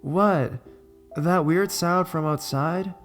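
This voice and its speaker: A pushy, teasing young woman around a campfire in a horror storybook reading, sitting a little above a male narrator's usual pitch, as he puts her on. She talks in a lively, bossy way. Faint music plays underneath. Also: slow. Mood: eager.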